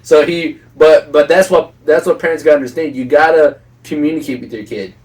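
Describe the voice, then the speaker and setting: A man with a somewhat high, slightly mellow voice talks a little fast, heard through a distant mic. Co-hosting a casual opinion podcast, he's earnest and preachy and laughs often while making his points.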